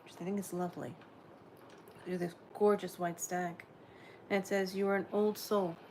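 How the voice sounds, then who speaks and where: Gentle dreamy woman reading oracle cards. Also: lowish voice, level tone, moderate pace, a little hiss or hum. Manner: gentle, dreamy, drifts into soft whispers. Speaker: oracle card reader. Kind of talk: spiritual card reading.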